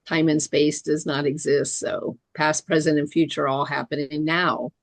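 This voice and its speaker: A woman from Florida speaking as a panelist on a video call, unhurried and musing. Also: low voice, flat delivery, no room sound. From Florida, USA. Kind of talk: reflective panel talk.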